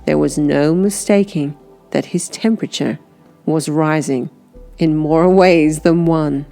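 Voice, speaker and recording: A woman narrating an audiobook in the first person, unhurried, sometimes dropping to a breathy whisper. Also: on the low side, darkish tone.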